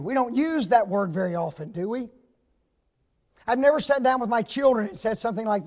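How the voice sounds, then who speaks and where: A male preacher giving a sermon. He stresses words loudly, drops to hushed asides and asks the congregation rhetorical questions. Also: very high-pitched, fairly quick. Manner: emphatic, swings from loud stress to hushed asides.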